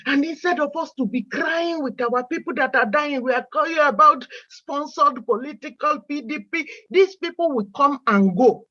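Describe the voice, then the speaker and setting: A woman's voice: high-pitched, moderate pace, hardly any pauses, sharp tone, dull audio. A woman speaking with emotion on a video call, pleading and asking the same questions again and again. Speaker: caller in an online meeting. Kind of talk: impassioned plea.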